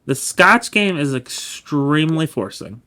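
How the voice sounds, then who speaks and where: A man's voice: fairly high pitch, very animated, a little slow, bright, forceful tone, a little hiss or hum. A man giving casual chess study commentary, laid-back and explanatory, often correcting himself as he goes. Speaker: chess streamer.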